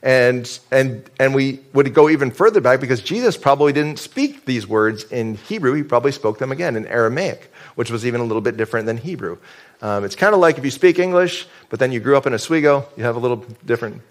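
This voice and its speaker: A man's voice: mid-range voice, lively intonation, quick pace. A man from upstate New York preaching a sermon as pastor, talking in a conversational, joking way and often restarting his sentences.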